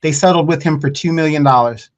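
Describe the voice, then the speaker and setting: Man co-host, a bit high-pitched, earnest, halting. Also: muffled recording, crowd noise. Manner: earnest, explanatory, halting starts. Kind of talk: casual live-stream chat.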